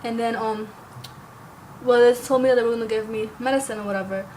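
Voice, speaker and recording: A young woman with a slightly high voice tells a story straight to camera. She rambles casually and keeps slipping in "like" and the occasional curse word. It sounds like an unscripted vlog. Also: steady tone, fairly quick, darkish tone, a little hiss or hum, low-quality recording. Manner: rambling, heavy use of "like", occasional cursing. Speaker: vlogger.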